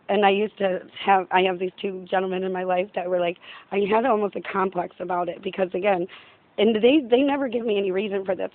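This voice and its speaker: A woman talking through a meandering personal faith story outdoors in her yard, full of "like" and small laughs. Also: medium pitch. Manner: meandering, heavy use of "like", frequent laughs. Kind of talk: rambling personal faith talk. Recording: tinny phone-like sound.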